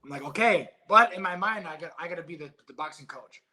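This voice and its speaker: A middle-aged man, a former boxer being interviewed, who tells stories in a casual, animated and emotional way and swears freely. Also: fairly high pitch, quick pace, crowd noise. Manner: emotional, animated storytelling with profanity. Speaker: guest, former heavyweight boxer.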